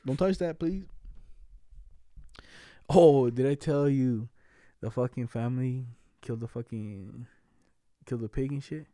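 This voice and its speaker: A man's voice: mid-range voice, fairly even intonation, moderate pace, warm tone, no room sound, clean studio sound. A young man telling stories in casual chat, slangy, laughing as he goes and swearing a lot.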